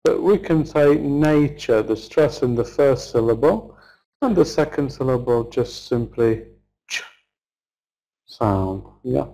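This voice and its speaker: A middle-aged man teaching English pronunciation, saying vocabulary words slowly and deliberately for learners to repeat, then explaining word stress. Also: medium pitch, animated, vocal fry, mellow, rough recording. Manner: slow, deliberate, modelling words for repetition. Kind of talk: pronunciation lesson, slow drills.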